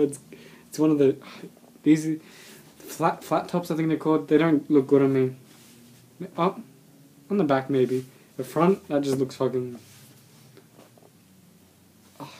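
A man's voice: medium pitch, dark tone, slight background noise. A young man, unboxing a subscription box, rambling and swearing casually as he mutters to himself.

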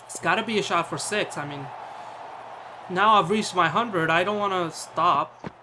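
A man's voice: high-pitched, moderate pace, noisy background. A man giving casual commentary as he plays a cricket video game, bantering, swearing and talking to his player on screen.

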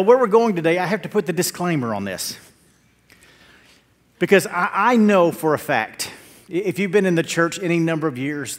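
Middle-aged man, pastor preaching from the pulpit; voice sits a bit high, anecdotal delivery with humor. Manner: animated storytelling with jokes and quotes; drops to a low, quiet tone in prayer. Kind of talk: sermon.

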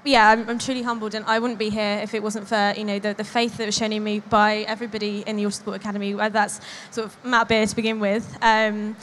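A woman in her twenties giving a nervous acceptance speech on stage, flustered and halting, her voice shaky and close to tears. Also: mid-range voice, little pitch movement, a bit bright, slight background noise. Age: 20s. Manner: flustered, halting, full of ums. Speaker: award winner. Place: large exhibition hall stage.

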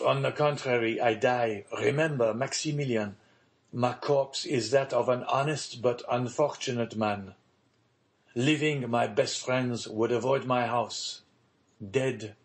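A man voicing an aging, ruined father who speaks slowly and gravely in an audiobook reading. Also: mid-range voice. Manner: slow, grave, measured pleading.

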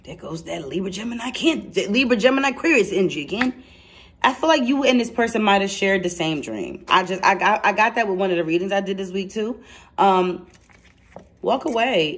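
A woman giving a casual tarot reading to camera, excitable and chatty, blunt and slangy, speaking straight to her viewers. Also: mid-range voice, a little fast. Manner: excitable and chatty, laughs and exclaims. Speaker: tarot card reader.

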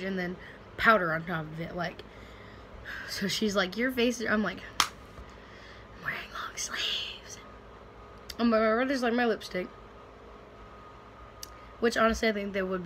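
A woman's voice: medium pitch, a bit bright, a little hiss or hum, poor audio. Chatty young woman. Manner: rambling, chatty, lots of fillers and restarts. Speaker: vlogger. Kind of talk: casual vlog chat. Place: at home, indoors.

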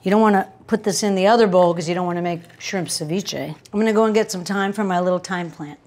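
A woman's voice: on the low side, quick pace, a little mellow. Chatty woman cooking in a home kitchen. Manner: chatty, wry asides and anecdotes. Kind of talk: casual cooking demonstration.

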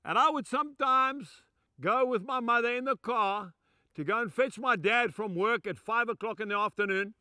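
A man's voice: very high-pitched, moderate pace, sharp tone, clear, resonant tone, no room sound, studio quality. An older man from Zimbabwe, preaching a sermon through emphatic, heartfelt storytelling.

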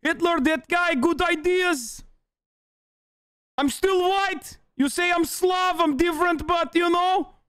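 A man putting on a put-on Polish accent to mock a smug chatter, in an exaggerated, shouty way. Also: extremely high pitch, slow, no echo, clean studio sound, pitched above the performer's own voice, heavily acted.

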